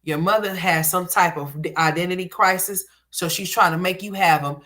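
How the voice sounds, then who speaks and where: A woman's voice: lowish voice, steady tone, normal speed, fairly bright tone. Blunt profane woman ranting on stream. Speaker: commentator. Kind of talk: livestream commentary.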